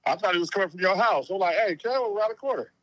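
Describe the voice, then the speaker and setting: A man's voice: high voice, fast, a bit bright, highs cut off. A man calling in to a livestream, bantering and laughing. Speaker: call-in guest. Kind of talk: casual phone-in chat.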